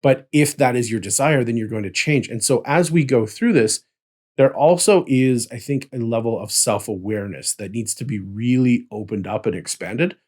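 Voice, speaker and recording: A man's voice: mid-range voice, normal speed, a little mellow. Talkative man explaining, tagging lines with "right?". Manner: explains at length, tags statements with "right?". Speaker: podcast co-host. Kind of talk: casual chat about tabletop role-playing.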